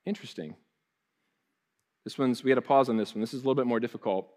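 Man, pastor, sermon, conversational, restarts and asides, mid-pitched. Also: fast, pauses often, a little mellow.

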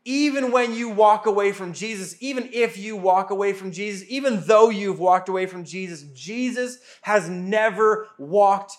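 High-voiced male pastor preaching earnestly. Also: moderate pace, hardly any pauses. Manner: earnest and repetitive, speaking as Jesus in first person. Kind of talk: sermon.

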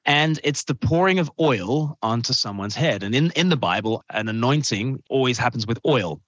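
A man, an evangelist and minister, preaching warmly and explaining a word as a podcast guest. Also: mid-range voice, animated, normal speed, no echo. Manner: fervent, builds rhetorical questions.

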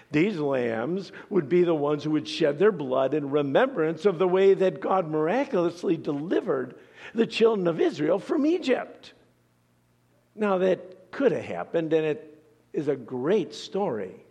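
A male pastor preaches slowly and dramatically, his voice gravelly and husky, swinging from hushed lows to bold highs. His words carry the long reverb of a large church sanctuary. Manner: dramatic, questioning, drops to near whispers then rises. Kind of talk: sermon.

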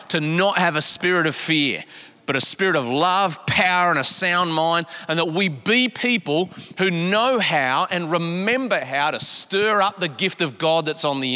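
Bright-voiced pastor preaching in a hall. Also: male voice, fairly high pitch. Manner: emphatic preaching, swinging between hushed and raised lines. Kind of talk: sermon. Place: large church auditorium. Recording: long hall reverb.

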